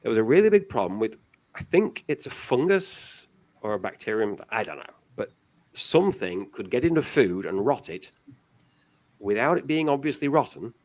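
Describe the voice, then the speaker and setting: A man's voice: medium pitch, very animated, moderate pace, a little mellow. A man as a guest on a casual talk show, giving long explanations with many restarts.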